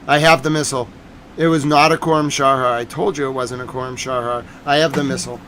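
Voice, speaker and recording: A man's voice: medium pitch, fairly even intonation, fast, fairly bright tone, slight background noise. A man giving live-streamed commentary on breaking news, agitated and emphatic, repeating his points.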